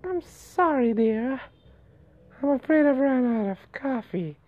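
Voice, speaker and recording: A man voicing a meek, creepy old widow in a thin falsetto, playing along with a game's dialogue. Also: expressive, unhurried, phone-quality sound. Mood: sweetly polite. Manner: pleading, politely sweet.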